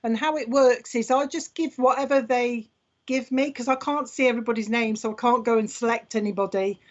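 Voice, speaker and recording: A woman's voice: on the high side, steady tone, a little fast, lo-fi sound. Chatty woman greeting viewers. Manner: chatty, greets viewers by name, laughs often. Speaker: medium hosting live online readings. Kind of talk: casual live-stream chat. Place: home room.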